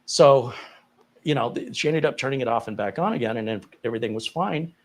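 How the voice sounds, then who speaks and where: A man at a mid pitch tells a story on a live tech stream. His voice climbs high when he acts out disbelief, and he laughs as he talks. The tone is casual and animated. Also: a little fast. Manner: animated, incredulous retelling with laughs. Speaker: tech support co-host.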